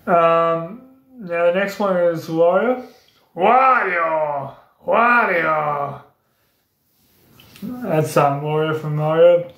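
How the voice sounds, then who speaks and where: A young man who does voice impressions on YouTube talks them through in a loose, repetitive vlog. He speaks slowly at a fairly high pitch, and the room has a noticeable echo.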